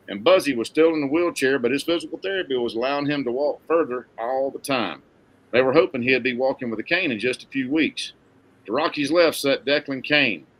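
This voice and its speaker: A man reading a novel aloud in a steady, plain storytelling manner. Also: mid-range voice, low-quality recording. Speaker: narrator.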